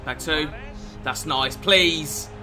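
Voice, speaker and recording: A young man commenting on his own football video game match, moving from quiet mutters to furious, swearing shouts. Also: fairly high pitch, expressive, moderate pace, music in the background. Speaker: gaming YouTuber. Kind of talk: live gameplay commentary.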